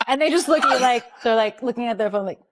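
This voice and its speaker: A woman's voice: fairly high pitch, quick pace. A woman on a talk show, chatting and laughing, with lots of "like" fillers.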